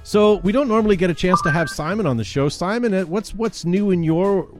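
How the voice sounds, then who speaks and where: A man's voice: sits high, a little fast, music in the background. A man hosting a casual paintball podcast, reading out event announcements in a chatty way with frequent fillers and laughs. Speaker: podcast host.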